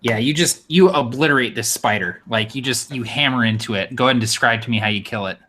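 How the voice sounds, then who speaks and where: Bright-voiced male game master. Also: mid-range voice. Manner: upbeat, prompting players with quick asides. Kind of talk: narrating a tabletop game.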